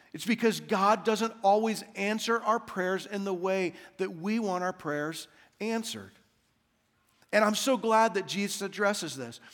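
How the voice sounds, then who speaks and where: A man's voice: high-pitched, fairly bright tone. A male senior pastor preaching a sermon, conversational and humorous, with rhetorical repetition. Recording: long hall reverb.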